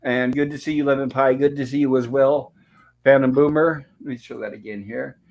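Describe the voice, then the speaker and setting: A man of ordinary pitch hosting a live stream. He greets everyone and reads out the chat messages in a friendly, rambling way, with easy casual chat between the names. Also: steady tone, a little fast, darkish tone. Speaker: podcast host.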